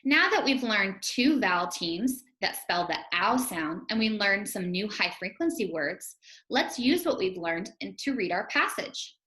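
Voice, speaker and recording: A woman teacher leads young children through a phonics lesson, her voice bright and clear. She speaks slowly and encouragingly, sounding out each letter. The recording carries a roomy echo. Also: mid-range voice, sing-song.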